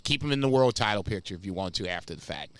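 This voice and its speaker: Male podcast co-host, lively pitch, bright smooth voice, emphatic and profane, dry room. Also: fast, no room sound. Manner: animated, emphatic, profane, laughs often. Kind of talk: casual wrestling podcast chat.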